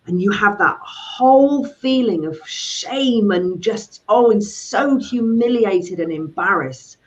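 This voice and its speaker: A woman's voice: medium pitch, slow, hardly any pauses. A middle-aged woman, a money coach chatting and telling stories, often acting out voices. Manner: animated storyteller, acts out voices. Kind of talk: casual video chat. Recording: dull lo-fi sound.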